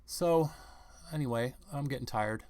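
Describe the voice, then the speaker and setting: A man's voice: medium pitch, a little slow, darkish tone. A man giving rambling, confrontational news commentary on his own channel, firing off rhetorical questions. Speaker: vlog commentator.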